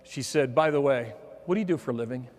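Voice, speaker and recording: A man giving a motivational keynote talk, telling a personal story with humor and dropping softer for quoted lines. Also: medium pitch, fast. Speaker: motivational speaker. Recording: long hall reverb.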